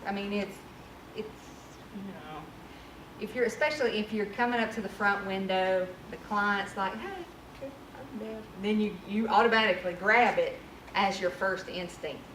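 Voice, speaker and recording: A woman trainer talks through a workshop in a candid, conversational way. She sounds distant from the mic in a reverberant room. A steady noise sits under her voice. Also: mid-range voice, normal speed. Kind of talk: workshop presentation. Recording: echoey room from far off with noise.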